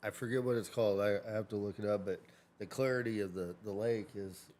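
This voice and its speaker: Relaxed male co-host, lower voice, easygoing interjections. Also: fast. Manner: short interjections, laid-back. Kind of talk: casual chat.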